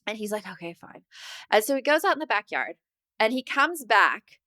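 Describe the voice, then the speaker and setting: A woman co-hosting a parenting podcast, chatting casually and telling animated stories. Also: on the high side, a little fast, dry recording. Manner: chatty storyteller, animated quoting. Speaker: podcast co-host. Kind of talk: casual chat.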